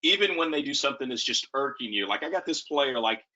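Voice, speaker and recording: Bright-voiced animated male coach. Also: mid-range voice, fast. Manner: animated storytelling. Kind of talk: casual webinar talk. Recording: muffled lo-fi call audio.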